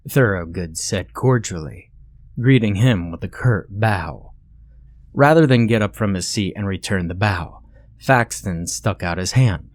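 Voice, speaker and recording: A man narrating a horror story in scripted, measured delivery. His voice sits low, and he keeps a steady storytelling pace. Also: no echo.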